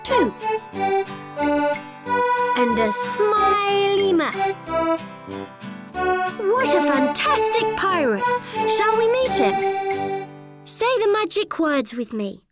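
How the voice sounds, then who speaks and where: Performer for a cheerful little drawing monster in a kids' cartoon, high and very lively. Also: over loud music, heavily acted. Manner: cheerful, slow step-by-step drawing instructions. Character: friendly young drawing monster. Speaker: drawing guide. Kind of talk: children's cartoon voice acting.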